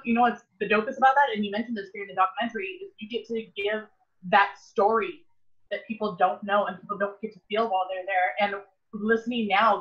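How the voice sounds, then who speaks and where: Emphatic woman wrestler, dull audio. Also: mid-range voice. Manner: enthusiastic and emphatic. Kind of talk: casual video call chat.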